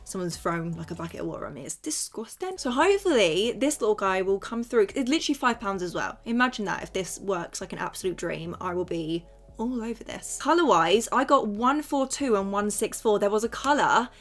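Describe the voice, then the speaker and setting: A woman's voice: mid-range voice, expressive, fairly quick, faint music behind. A woman talking casually through a makeup tutorial, chatty and bubbly as she speaks straight to her viewers. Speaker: beauty vlogger.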